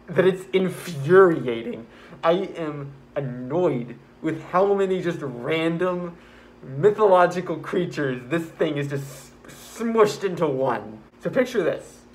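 A man telling a story in a casual vlog, excitable and rambling, with self-mocking asides, while he builds a card house. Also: medium pitch. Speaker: vlogger.

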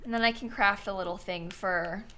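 Faint music plays behind a young woman with a medium-pitched, sharp-toned voice speaking at a moderate pace. She's livestreaming a game in a casual chatty way, thinking aloud. Sleepy and yawning, she thanks those watching.

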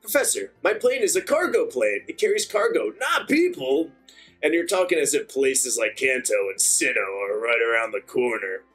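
A man's voice: medium pitch, big pitch swings, normal speed, a bit bright, soft background music, pitched below the performer's own voice. A man voicing a blunt young female pilot from a game, reading her lines in a dry, matter-of-fact way. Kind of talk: reading game dialogue aloud.

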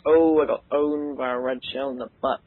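An English teenage boy hosting a casual let's play chat, joking and rambling with excitable bursts. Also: medium pitch, brisk, no room sound. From England. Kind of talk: casual gaming commentary chat. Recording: tinny lo-fi voice-call audio.

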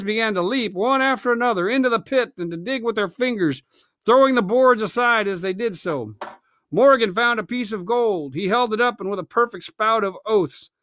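A man reading a novel aloud at home on a livestream, expressive, with chatty asides. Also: high-pitched, no echo, studio quality. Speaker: reader. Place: family home, indoors.

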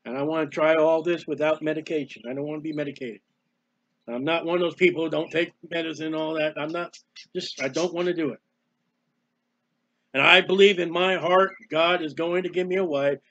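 A man giving a personal devotional talk as a preacher, emotional and halting, sometimes crying out in prayer. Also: fairly high pitch, fairly even intonation, a bit bright, dry recording, muffled recording.

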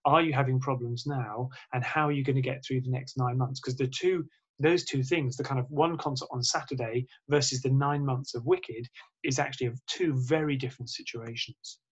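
A man's voice: mid-range voice, husky. A man, a surgeon, giving a spoken lecture in an explanatory way, with frequent fillers and restarts.

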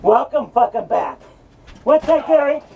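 Someone putting on a high gravelly madman from hell, cursing and taunting, sounds far off the mic. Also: animated, measured pace, phone-quality sound, a little hiss or hum, exaggerated voice. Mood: ranting taunting. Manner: ranting, taunting, cackling, profane. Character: mocking male madman host from hell. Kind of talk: horror persona rant.

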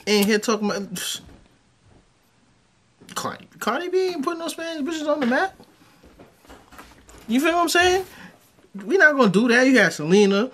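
A man's voice: very high-pitched, very animated, normal speed, long pauses, a bit bright. A man with a New York accent, co-hosting a casual podcast, combative and slangy, repeating his points. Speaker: podcast co-host. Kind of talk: casual argumentative chat.

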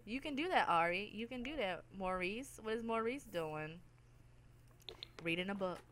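A woman's voice: mid-range voice, lively intonation, normal speed, fairly bright tone, a little hiss or hum. A woman hosting a let's play, giving playful, chatty, teasing commentary over game chatter. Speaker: gaming channel host.

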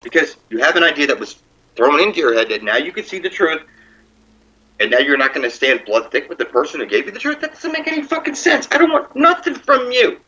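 A man with a high, bright, lively voice rants with angry, profane scorn. He sits well back from the microphone. The recording is dull and muffled. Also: fairly quick, distant mic. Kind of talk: ranting monologue.

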